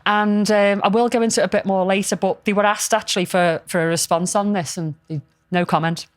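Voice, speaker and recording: A woman's voice: medium pitch, steady tone, fairly quick, dry recording. A woman, casually telling a story on a podcast, rambling with lots of ums and restarts. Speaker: podcast co-host.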